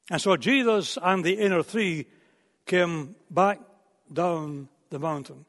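A male preacher with a high-pitched voice delivers a sermon, telling a story and sometimes repeating words to press his point. A long reverb surrounds him, as though he were recorded in a large church hall.

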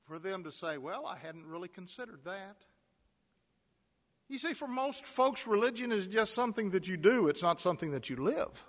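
A man's voice: sits high, expressive, normal speed, fairly bright tone. A man preaching a sermon, telling a personal story and building to emphatic repeated calls. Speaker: pastor. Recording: long hall reverb.

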